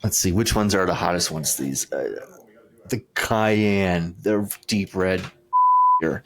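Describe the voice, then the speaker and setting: A man's voice: low voice, takes it slowly, background noise. A man co-hosting a casual podcast, playful and joking, his mouth burning from hot snacks as he recaps a story. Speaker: podcast co-host.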